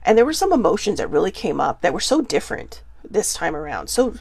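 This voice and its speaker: A woman's voice: fairly low pitch, big pitch swings, a little fast, gravelly, husky, no echo. A woman in her forties hosting a podcast, talking earnestly and rambling with many fillers and restarts. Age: 40s. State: getting emotional. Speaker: podcast host. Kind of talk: casual personal monologue.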